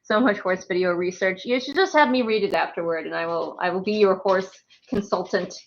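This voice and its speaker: A woman's voice: mid-range voice, brisk, dull audio. A woman chatting casually on a live stream from her home, rambling and laughing often. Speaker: streamer and writer. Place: home with pets.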